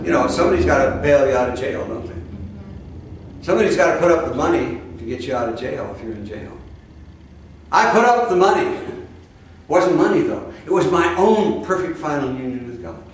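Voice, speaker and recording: A man's voice: fairly high pitch, animated, a little fast, a little hiss or hum. An older man giving a folksy, conversational sermon as a spiritual teacher, full of asides and rhetorical questions. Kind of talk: spoken sermon. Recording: roomy echo, speaker far from the mic.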